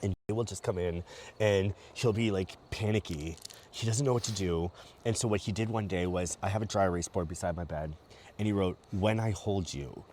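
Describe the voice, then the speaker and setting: A man, a podcast guest, telling candid personal stories while walking outdoors at night by a lake, animated and acting out what others said. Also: low-pitched, moderate pace, a little hiss or hum. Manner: open, animated storyteller who acts out quotes.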